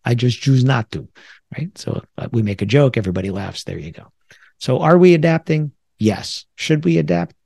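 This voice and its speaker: A man's voice: medium pitch, animated, brisk, gravelly, darkish tone, slightly rough, dry recording, clean studio sound. A middle-aged man from the New York area hosting a solo podcast, talking things through in a reflective, conversational way with self-deprecating asides. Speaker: podcast host.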